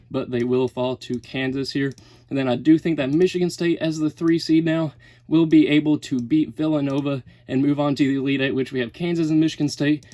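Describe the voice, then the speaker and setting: A man's voice: mid-range voice, dark tone, dry recording. A man in a casual sports vlog, a little out of breath, rattling off lists and correcting himself mid-sentence. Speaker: sports YouTuber. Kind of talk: casual bracket breakdown vlog.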